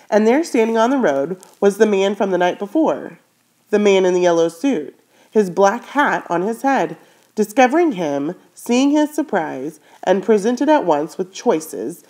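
A woman with a lowish, darkish voice reads a children's novel aloud chapter by chapter. She pauses to remark on the story and corrects her own slips along the way.

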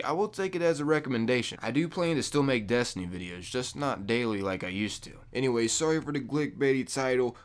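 A young man making a casual gaming vlog into a microphone, loose and jokey, with loud high-pitched bursts when he mocks people. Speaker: gaming YouTuber. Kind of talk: casual talking-to-camera vlog. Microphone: desk microphone.

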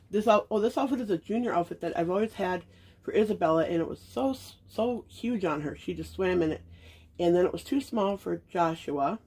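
A middle-aged woman with a medium-pitched, dark, breathy voice shows off baby clothes in a casual unboxing chat for her viewers. As a reborn doll collector and channel host, she sounds gushing and sentimental and uses frequent fillers.

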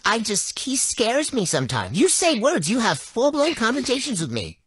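A man's voice: high-pitched, very animated, normal speed, background noise. Man joking about his girlfriend's habits. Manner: playful complaining, quoting his partner. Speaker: half of a couple, content creator. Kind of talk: casual couple banter.

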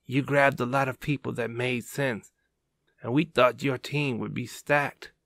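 Man as young guy fighting back tears, whispery, gravelly. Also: mid-range voice, steady tone, a little slow, a bit bright, no room sound, clean studio sound. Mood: wistful. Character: young male teammate holding back tears.

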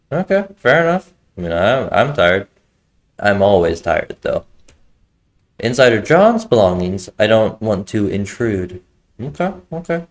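A man casually commenting while playing a horror game, muttering jokey reactions as he explores. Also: fairly low pitch. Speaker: gaming video host. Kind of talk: casual let's-play commentary.

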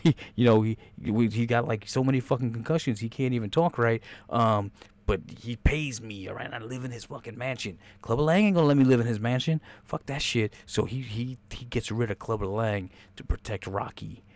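A man's voice: a little fast, darkish tone. A man hosting a podcast, riffing and swearing as he reacts to a movie trailer and acts out scenes. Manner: rambling, swearing, acting out characters in high voices. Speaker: podcast host. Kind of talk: profane movie reaction riff.

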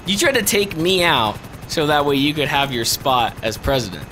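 Over noisy stream audio, a young man with a fairly high, pushed and bright voice talks at normal speed, his pitch swinging widely. He chats casually with a friend while gaming, profane, laughing and shouting at what happens on screen.

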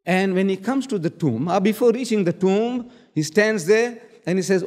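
A man with a fairly high voice argues his side of a public debate. He presses each point with rhetorical questions and repeats key words for weight. His voice rings out with the long reverb of a large hall. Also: animated, moderate pace, hardly any pauses, darkish tone.

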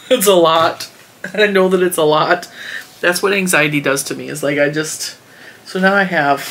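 Her voice sits fairly low with a touch of brightness, over slight background hiss or hum. This vlogger rambles chattily through stories of her week and what she's been crocheting.

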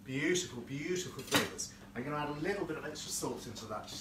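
A man's voice: on the high side, lively intonation, quick pace, recorded from a distance, heavy background noise. Chatty camp male host, cooking demo, echoey kitchen a bit off-mic, dishes clinking behind. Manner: camp, effusive, chatty, reads out viewer comments. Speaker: florist hosting a live cooking stream. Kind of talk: casual live cooking demo. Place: home kitchen. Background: clinking cutlery and dishes.

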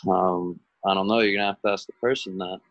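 A man's voice: sits low, steady tone, quick pace, lo-fi sound. A male student giving short, hesitant answers in an online class over a video call.

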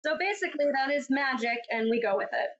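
A woman guest on a casual podcast, talking in a dismissive, laughing way with quick asides. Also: high-pitched, animated, fairly bright tone, muffled recording, a little hiss or hum.

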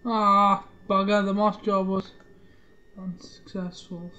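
A woman's voice: medium pitch, flat delivery, slow, pushed and bright, dull audio. A woman giving casual let's-play commentary, rambling and muttering to herself and swearing now and then. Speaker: gaming channel host.

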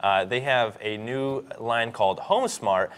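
A man's voice: mid-range voice, unhurried, a bit bright, a little hiss or hum. A young man co-hosting a morning TV show, joking and teasing, stumbling over his words a bit. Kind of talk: playful casual chat.

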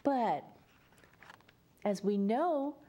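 A woman from Louisiana, with a Louisiana accent, tells young children a story at story time, coaxing them to join in. Her fairly high, mellow voice has lively intonation and a swooping sing-song lilt, and she takes her time, gentle and unhurried.

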